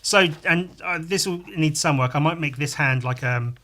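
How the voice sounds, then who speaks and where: Bright-voiced man rambling while he draws. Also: fairly high pitch, normal speed, slight background noise. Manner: rambling, crude jokey asides, muttering while working. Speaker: podcast host drawing live. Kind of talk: casual chat while drawing.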